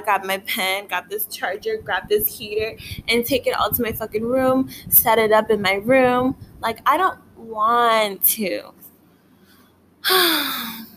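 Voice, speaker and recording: A woman's voice: mid-range voice, a bit bright, a little hiss or hum. A young woman vlogging casually from her living room, rambling, swearing often and filling every phrase with "like". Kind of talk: casual rambling chat to camera. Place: living room at home, indoors.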